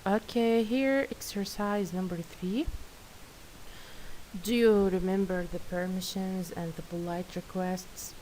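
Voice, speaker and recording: Slow, patient female teacher with faint hiss. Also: medium pitch, steady tone, warm tone, low-quality recording. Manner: patient, praising, careful and slow. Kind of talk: classroom lesson, reading workbook answers.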